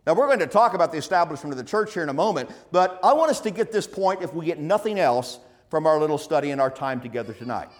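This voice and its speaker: A man's voice: a little high, animated, fast, few pauses. A man preaching an evening sermon in an earnest, emphatic way, asking rhetorical questions.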